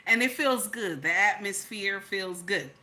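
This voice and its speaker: A woman gives chatty reaction commentary on a vlog, animated and exclamatory and full of asides. Her voice is bright and sits in a mid pitch. She often jumps up high to mimic other people. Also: a little slow. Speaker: YouTube commentator.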